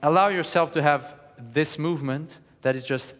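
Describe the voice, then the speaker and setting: A man lecturing and coaching verse declamation, animated and encouraging, with frequent hesitation fillers. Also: a little high, normal speed, big-room sound. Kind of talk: teaching lecture with spoken demonstrations.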